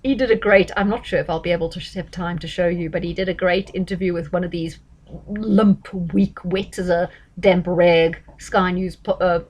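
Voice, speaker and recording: A woman's voice: lowish voice, steady tone, normal speed, a little mellow. A woman giving casual astrology commentary, chatty and emphatic, with frequent fillers and self-corrections.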